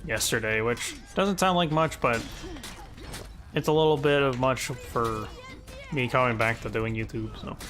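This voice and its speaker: A man's voice: mid-range voice, a bit bright. A man giving casual gameplay commentary as a video creator, rambling with lots of fillers and chuckling at himself. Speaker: gaming YouTuber.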